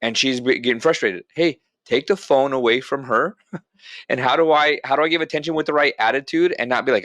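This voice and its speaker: Blunt, animated man telling stories. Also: medium pitch, fairly quick, dry recording. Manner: blunt and animated, calls listeners bro. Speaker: veteran guest speaker. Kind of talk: motivational storytelling.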